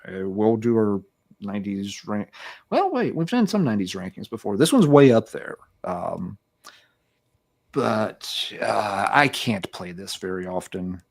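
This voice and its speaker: A man's voice: on the low side, very animated, unhurried, creaky. A man co-hosting a music podcast, chatting casually and rambling with many fillers and restarts. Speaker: podcast co-host. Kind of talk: casual music review chat.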